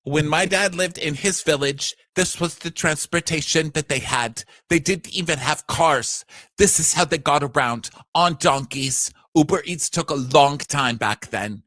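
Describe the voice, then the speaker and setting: A man's voice: a little high, measured pace, a bit bright, no room sound. A man co-hosting a podcast, chatting casually with wry jokes. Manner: wry, joking asides. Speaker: podcast co-host. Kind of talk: casual recap chat.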